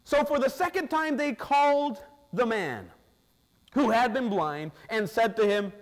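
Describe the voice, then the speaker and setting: A man preaching a sermon, acting out the people he quotes with lively, expressive delivery. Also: extremely high pitch, unhurried, in a large hall. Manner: expressive, acts out quoted voices. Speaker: pastor.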